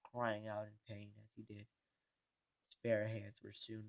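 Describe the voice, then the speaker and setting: A man with a low voice reads a creepypasta aloud, halting often and restarting half-spoken words. The sound is dry and close, with no room echo. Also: completely flat delivery, lo-fi sound. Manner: halting reading with frequent stumbles and restarts. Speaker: narrator. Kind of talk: creepypasta reading.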